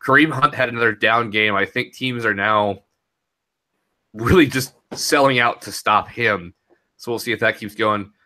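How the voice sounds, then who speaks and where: A man's voice: lowish voice, pushed and bright. A young man talking casually and rambling a bit as he recaps a fantasy football week, laughing easily. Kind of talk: casual podcast chat.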